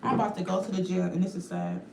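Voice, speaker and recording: A woman's voice: fairly low pitch, fairly even intonation, quick pace, creaky, noisy background. A woman chatting casually on a livestream, rambling and talking straight to her viewers in a blunt, outspoken way.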